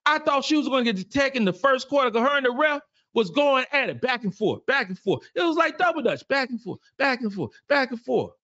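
A man from South Carolina, hosting a casual postgame show, animated and prone to repeating phrases. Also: very high-pitched, quick pace, hardly any pauses, no room sound, highs cut off. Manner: animated, repeats phrases, reads viewer comments. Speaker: podcast host.

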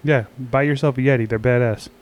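Fast-talking man on a beer podcast. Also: mid-range voice, fairly even intonation. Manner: quick, enthusiastic, swears casually. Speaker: podcast co-host. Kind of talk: casual chat, beer review.

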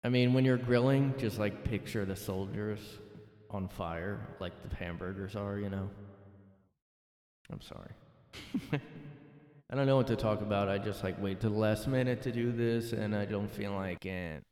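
A man rants sarcastically through a solo podcast from his room, swearing freely. His voice sits a little low and sounds smooth and clean, recorded close and dry. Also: moderate pace, a little mellow, no echo. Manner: sarcastic, profane, ranting. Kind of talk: casual ranting monologue.

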